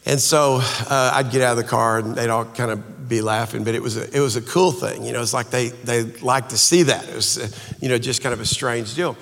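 A man, a speaker and author, telling a personal story in an earnest, halting way with frequent restarts. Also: medium pitch, fairly even intonation, gravelly, a bit bright, long reverb tail.

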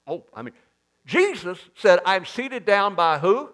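Animated male preacher, lively high voice. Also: normal speed. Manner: animated preaching with sudden loud, high bursts. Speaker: pastor. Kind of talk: sermon. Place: church.

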